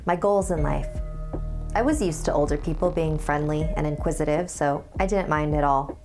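A woman hosting a horror podcast and narrating a scary story in a calm, hushed, measured voice. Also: low-pitched. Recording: music underneath.

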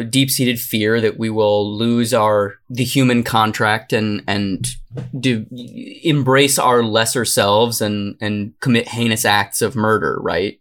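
Male podcast host, mid-pitched, casual and rambling, reads notes now and then. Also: fairly bright tone. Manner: loose and rambling, with much swearing. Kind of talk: casual chat, partly reading a summary.

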